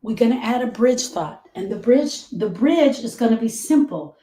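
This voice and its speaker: A woman's voice: fairly high pitch, expressive, moderate pace, hardly any pauses, warm tone, low-quality recording. A woman grief coach talking listeners through coping tools, repeating key phrases for emphasis. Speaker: grief coach and podcast host. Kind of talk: coaching talk to camera.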